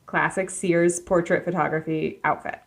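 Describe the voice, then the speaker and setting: A woman's voice: on the low side, fairly even intonation, moderate pace, gravelly. A woman guest on a podcast, reacting in casual chat and playfully joking with guesses about the story. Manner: playful, jokey, laughs at her own guesses.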